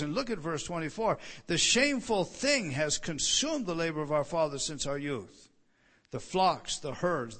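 A man's voice: a little high, fairly bright tone. Emphatic man preaching a sermon. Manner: emphatic, repetitive, rising on key words; stammering restarts. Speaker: pastor. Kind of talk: expository sermon.

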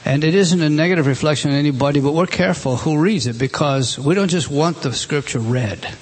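A man's voice: a little high, a little fast, a little hiss or hum. A middle-aged man preaching a sermon as pastor, earnest and exhorting, with frequent restarts.

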